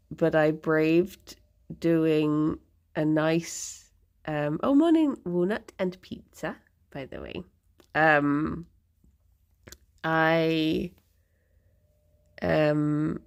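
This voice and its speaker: A woman's voice: sits low, vocal fry, darkish tone. A young woman from near London, chatting casually with her stream viewers, laughing often and losing her thread mid-sentence. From England, near London. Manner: chatty and giggly, drifting off mid-thought.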